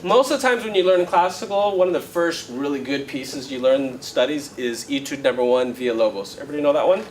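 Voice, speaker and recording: A man's voice: medium pitch, fast talker, low-quality recording. A man teaching a flamenco guitar workshop in a casual, chatty way, often checking in with "right?" and "okay?". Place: workshop room. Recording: loud guitar under the voice. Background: guitar playing.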